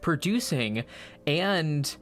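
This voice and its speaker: A man's voice: on the high side, expressive, very slow, fairly bright tone, faint music behind. A man who runs the game and produces the show, chatting casually and swearing freely with his players. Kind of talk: casual podcast chat.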